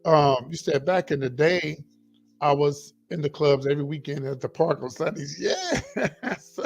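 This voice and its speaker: Middle-aged male livestream host, lively and a bit high-pitched, quiet music underneath. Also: moderate pace. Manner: animated, repeats himself, talks straight to viewers as y'all. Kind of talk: casual livestream chat reading viewer comments.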